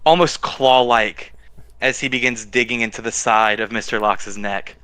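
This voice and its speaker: A man's voice: mid-range voice, steady tone, normal speed, bright, forceful tone, smooth, no room sound. A man playing a tabletop game who describes his character's actions hesitantly, with many fillers. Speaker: player.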